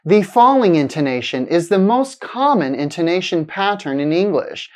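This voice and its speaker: A woman teaching a pronunciation lesson in a scripted, clear manner, stretching out example sentences. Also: fairly low pitch, lively intonation, a little mellow. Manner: clear, deliberate, exaggerated intonation in examples.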